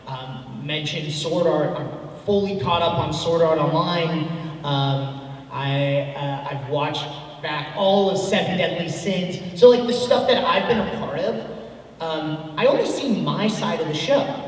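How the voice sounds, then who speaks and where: A chatty man in his thirties, with a slightly high voice, rambles through a casual convention panel answer full of ums and restarts. He is recorded from far back in a big, echoey hall with a long reverb tail. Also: measured pace, a little hiss or hum. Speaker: voice actor guest at a convention panel.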